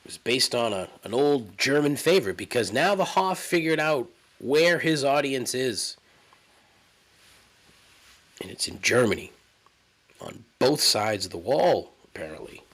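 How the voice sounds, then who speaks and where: Animated, rambling podcast host man. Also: mid-range voice, a little slow, pauses often. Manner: rambling, profane, incredulous storytelling. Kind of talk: casual solo monologue.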